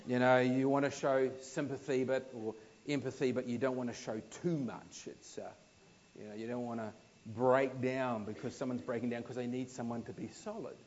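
A man from New Zealand delivers a sermon in his New Zealand accent, keeping it anecdotal and conversational while emphatic rises drop to soft asides. His pitch is medium, his tone level, and his speed normal, on a muffled recording.

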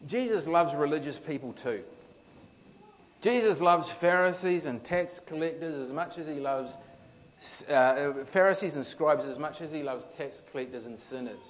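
Brief: playful, high-voiced Australian preacher in a long-echo hall, muffled lo-fi sound. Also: male voice. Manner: animated, playful, acts out quotes, asks the crowd for amens. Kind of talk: sermon. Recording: dull lo-fi sound in a reverberant hall.

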